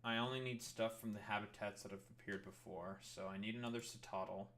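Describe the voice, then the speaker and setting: A man's voice: lowish voice, fairly even intonation, fairly quick, fairly bright tone. A young man streaming, chatting casually in a rambling, sarcastic way with lots of swearing. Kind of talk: casual live-stream commentary.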